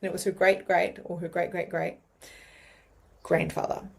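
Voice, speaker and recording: A woman's voice: fairly low pitch, normal speed, creaky. Chatty New Zealand woman teaching. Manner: chatty, animated, many fillers. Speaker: mediumship teacher. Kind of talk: casual teaching monologue.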